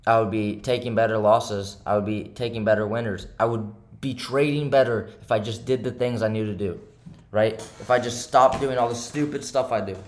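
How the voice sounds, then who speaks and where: A young man records a frustrated talk to his viewers right after a losing trade. His pitch sits in the middle for a man, and he keeps repeating himself and tagging "right?" onto his points. He moves between heated bursts and quiet, subdued stretches. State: frustrated and upset. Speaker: day trader and channel host. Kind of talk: frustrated self-talk to camera.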